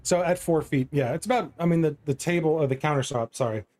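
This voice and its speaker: A man's voice: a little high, fast, a little mellow, soft background music. A man narrating as game master in a tabletop game, loose and rambling with frequent ums.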